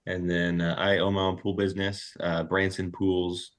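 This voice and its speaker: Deep-voiced young dad, earnest. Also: male voice, flat delivery, moderate pace. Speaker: guest, father and small business owner. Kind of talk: casual conversation.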